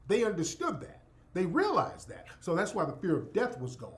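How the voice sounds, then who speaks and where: Animated man delivering a fiery monologue. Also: high voice, normal speed. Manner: emphatic, profane, preacher-like. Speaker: commentator. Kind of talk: impassioned monologue.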